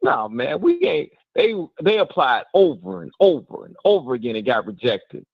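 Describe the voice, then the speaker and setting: A middle-aged man tells a story on a radio talk show in a gravelly, fairly high voice. His pitch swings widely as he acts out the people in the story. The sound is dry and a little dull and lo-fi. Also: sing-song, moderate pace, no echo. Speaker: co-host telling a personal story.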